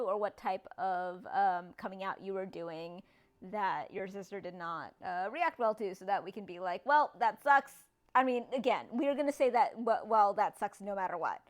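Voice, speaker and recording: A woman streamer chatting with her viewers, rambling and playful, with casual swearing. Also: mid-range voice. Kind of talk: live stream chat with viewers.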